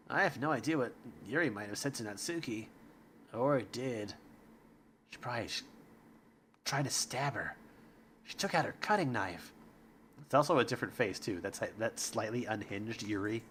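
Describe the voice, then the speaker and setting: A man's voice: mid-range voice, animated, moderate pace, long pauses, a bit bright, slight background noise. A man giving casual, amused let's-play commentary as a gaming video host, chatty with stumbling restarts.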